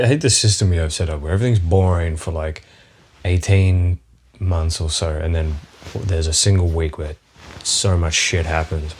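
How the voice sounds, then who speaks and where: Aussie bloke rambling on his podcast, super low voice, swears a lot. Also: a little mellow, slight background noise. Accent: Australian. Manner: rambling, profane, chuckling often. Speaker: podcast host. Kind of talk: solo comedic podcast monologue.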